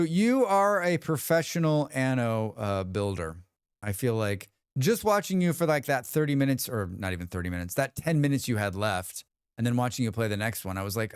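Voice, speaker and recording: A man talks casually with his stream's viewers, his smooth, resonant voice swinging widely in pitch. He tells stories animatedly, acting out other people's lines and swearing freely. The sound is dry and close. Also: moderate pace, no echo. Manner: animated storyteller who acts out quotes and swears freely. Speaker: livestream host. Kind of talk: casual livestream chat with viewers.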